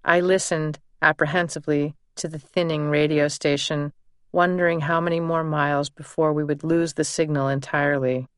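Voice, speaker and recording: A woman narrating her own memoir in a measured, deliberate first-person reading. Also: sits low, little pitch movement, clean tone, no room sound, clean studio sound.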